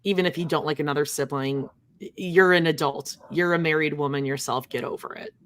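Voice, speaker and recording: A woman's voice: deep voice, fairly even intonation, fairly quick, fairly bright tone. A woman co-hosting a live stream, making blunt, dry jokes and groaning in disgust while recapping a reality show. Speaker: podcast co-host. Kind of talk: casual snarky TV recap chat.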